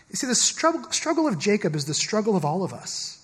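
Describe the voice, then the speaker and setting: In a church sanctuary, a male pastor preaches conversationally, repeating words and often pausing to question the congregation. His high, sing-song voice is brisk with few pauses and a breathy edge, trailed by long reverb.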